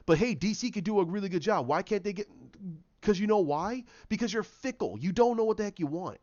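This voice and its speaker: A man with a fairly high voice delivers a heated solo rant, hammering his points through repetition and restarts. The recording is slightly dull and lo-fi. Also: a little mellow. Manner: impassioned and repetitive, restarting phrases. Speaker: YouTube commentator.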